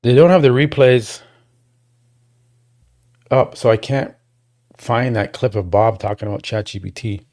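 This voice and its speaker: A man's voice: mid-range voice, unhurried, pauses often. Rambling man hosting a livestream. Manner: rambling, restarts, talks to chat; gets worked up and loud when complaining. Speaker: livestream host. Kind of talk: casual livestream chat.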